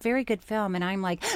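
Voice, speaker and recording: Give me a woman co-host in casual conversation, an animated storyteller who breaks into loud laughs. Her voice is mid-pitched, and it sounds dry and close, with no room around it. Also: no room sound. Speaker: podcast co-host. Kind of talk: casual chat.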